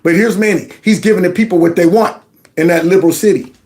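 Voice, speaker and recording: A man's voice: high voice, fast, very noisy. A man hosting a political commentary livestream, sarcastic and mocking as he talks back to clips he plays. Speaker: host of a political commentary channel.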